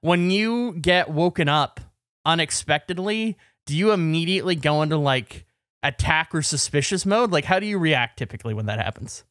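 A podcast co-host, a man with a notably high voice who rambles and restarts as he tells a story. The sound is dry and close, recorded on a studio mic. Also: lively intonation, moderate pace, fairly bright tone, no room sound. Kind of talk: casual podcast chat.

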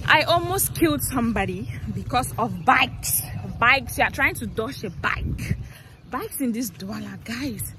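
A woman's voice: fairly high pitch, animated, unhurried. A young woman from Cameroon talking casually into her phone while walking along a busy city street, shy and laughing often. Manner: chatty, self-conscious, laughs often. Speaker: vlogger. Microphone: phone held while walking. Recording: phone recording with loud street traffic. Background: cars and motorbikes passing.

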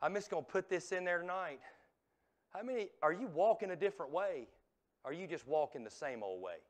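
A man preaching a revival sermon in a church, swinging from hushed, drawn-out lines to loud, shouted ones. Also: a little high, lively intonation. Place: church sanctuary.

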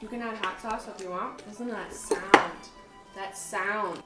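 A woman's voice: mid-range voice, steady tone, measured pace, loud music behind the voice. A young woman hosting a casual cooking vlog at home, effusive and swearing freely. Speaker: channel host. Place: home kitchen. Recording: echoey kitchen room.

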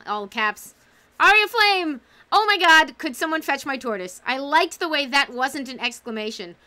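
A woman's voice: high voice, pushed and bright. A woman hosting a casual livestream book club, talking enthusiastically and reading out chat comments.

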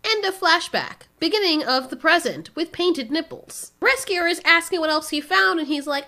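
A woman's voice: high voice, sing-song, fairly quick, few pauses, pushed and bright. A woman giving a casual, sarcastic movie recap, nitpicking as she goes.

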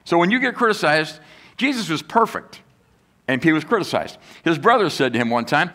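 A man's voice: fairly high pitch, very animated, brisk, sharp tone. A man preaching a sermon as pastor, talking conversationally and asking the congregation questions. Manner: acts out critics' voices in quotes.

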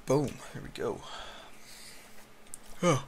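A man casually narrating his Minecraft play on his home computer, rambling and yawning as he mutters to himself through a headset mic. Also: slow pace. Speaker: gaming YouTuber. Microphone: headphones with a mic. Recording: noisy home recording with keyboard clicks. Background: keyboard typing and clicks.

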